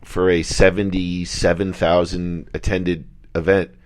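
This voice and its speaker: A man's voice: sits low, unhurried, no echo. A man co-hosting a podcast from a hotel room, telling stories with dry jokes. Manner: deadpan storyteller, joking. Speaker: podcast co-host. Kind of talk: casual chat.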